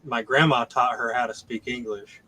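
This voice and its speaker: A man's voice: medium pitch, steady tone, moderate pace, pushed and bright, rough recording. A man chatting casually as a guest on a livestream, telling a family anecdote in an easygoing way. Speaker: guest on the stream.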